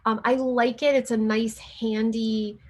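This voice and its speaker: A woman's voice: fairly high pitch, flat delivery, a little slow. A woman giving a casual recorded lecture on teaching reading, with fillers and light laughs. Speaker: teacher educator.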